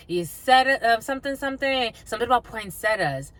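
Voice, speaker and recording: A woman's voice: on the high side, animated, brisk, hardly any pauses, a bit bright, no echo. A woman giving a channeled tarot reading, blunt and swearing freely, and sometimes half-singing her lines. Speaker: psychic reader.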